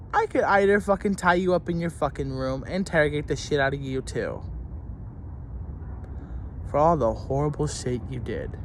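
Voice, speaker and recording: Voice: medium pitch, wildly swooping pitch, normal speed, long pauses, a little hiss or hum. Furious vlogger ranting, cussing nonstop, voice jumping all over the place. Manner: angry, swearing nonstop, rising to shouting. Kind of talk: profane storytime rant.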